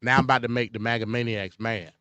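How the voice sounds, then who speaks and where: A man's voice: medium pitch, steady tone, fast talker, pushed and bright, clear, resonant tone, dry recording. A man hosting a casual political commentary show, blunt and opinionated. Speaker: host.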